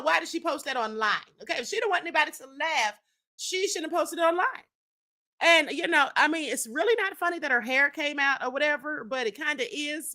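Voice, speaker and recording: Sassy, bright-voiced woman host. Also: high-pitched. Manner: sassy, calls viewers "honey" and "child", drawn-out exclamations. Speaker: live-stream host reading chat. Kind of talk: casual gossip commentary.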